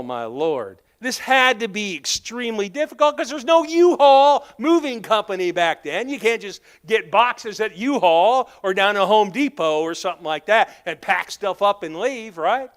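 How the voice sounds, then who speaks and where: In a church sanctuary, a male pastor with a Southern accent preaches a sermon in a high, slightly bright voice that rings clear and resonant. He tells stories, acts out the dialogue, and teases congregation members by name.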